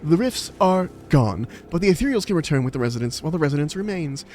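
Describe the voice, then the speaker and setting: A man reading a male fantasy quest-giver's lines aloud in a put-on British accent, self-mocking and not quite steady. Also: a little high, quick pace, a little hiss or hum, pitched above the performer's own voice, natural voice. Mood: grave. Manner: reads game dialogue aloud in a shaky, self-mocking accent.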